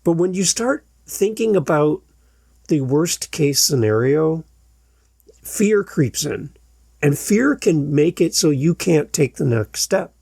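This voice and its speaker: Podcast host, male, gravelly and husky, higher-pitched, animated storyteller, dry close mic. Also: slow, no room sound. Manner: animated storyteller, acts out quoted shouts. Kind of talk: storytelling monologue.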